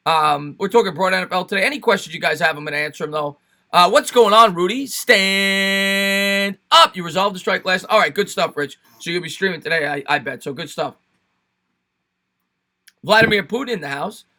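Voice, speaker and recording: A man's voice: on the high side, quick pace, pushed and bright. Chatty New York man streaming sports talk. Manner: chatty, fan banter, thanks viewers by name. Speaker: sports live-stream host. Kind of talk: casual sports talk live stream, reading chat.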